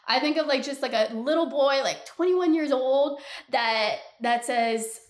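A woman's voice: high voice, measured pace, echoey room. Ranting young woman podcast host. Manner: candid, ranting, exasperated, swears freely. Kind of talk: casual solo podcast rant.

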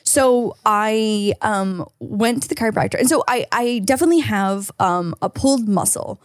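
A woman's voice: medium pitch, normal speed, dry recording, studio quality. A woman co-hosting a podcast, chatting casually with lots of "like" and free swearing. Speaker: podcast co-host.

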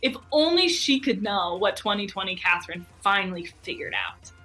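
A woman who runs a marketing agency speaks as a guest, with a mid-range voice at a moderate pace while faint music plays behind her. She's enthusiastic and conversational, animatedly acting out other people's voices as she tells her stories.

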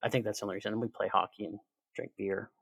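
A Canadian man, a podcast guest, chatting casually in an animated, sarcastic joking way. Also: lowish voice, rapid-fire, gravelly, slightly rough, no room sound. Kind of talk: casual chat.

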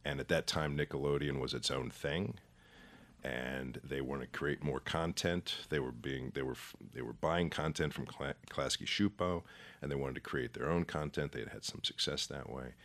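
A man's voice: very deep voice, moderate pace, fairly bright tone. A middle-aged man, an actor being interviewed, telling stories in a rambling, self-deprecating way. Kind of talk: casual interview chat.

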